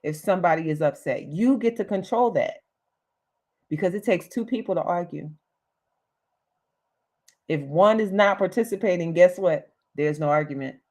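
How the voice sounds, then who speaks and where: A woman's voice: lowish voice, moderate pace, pauses often, a little mellow. A woman hosting a livestreamed motivational talk, speaking emphatically, repeating key phrases, with casual slang. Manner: emphatic and repetitive, uses slang. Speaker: host.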